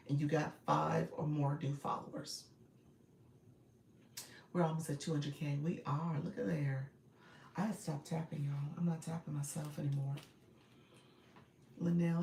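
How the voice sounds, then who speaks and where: A woman with a lowish, gravelly voice coaches and hosts a live stream, reading viewer comments and greeting people by name with easy fillers and frequent laughs. Sitting a bit back from a phone mic, she sounds roomy and distant with a faint hiss. Her loose, warm chat is full of "friend" and "y'all."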